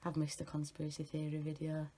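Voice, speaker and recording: A young woman with a deep, warm voice speaks fast in a completely flat delivery. As a makeup artist vlogger doing a tutorial, she chats casually, giggles, and pokes fun at herself.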